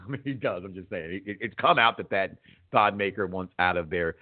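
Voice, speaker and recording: A man's voice: deep voice, fairly quick. A man hosting a casual sports talk show, rambling and repeating words as he thinks. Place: radio studio. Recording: phone-like radio line.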